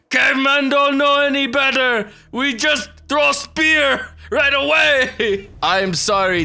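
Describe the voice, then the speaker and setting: A man's voice: very high-pitched, takes it slowly, vocal fry, hardly any pauses, slight background noise. A young man giving casual, profane let's-play commentary, talking to himself as he plays. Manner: animated and profane, talking to himself over gameplay. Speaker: gaming video creator.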